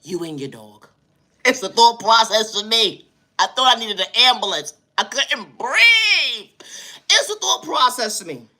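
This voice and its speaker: Speaking at normal speed with a slightly high voice, a woman with a New York City accent tells a comedic story. It comes out as an animated, slangy, exasperated rant packed with repeated catchphrases.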